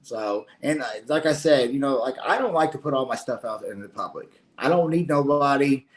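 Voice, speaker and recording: A man's voice: mid-range voice, expressive, normal speed. A man with a Kentucky Southern accent in casual late-night stream chat, rambling and indignant with many restarts. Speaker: stream co-host.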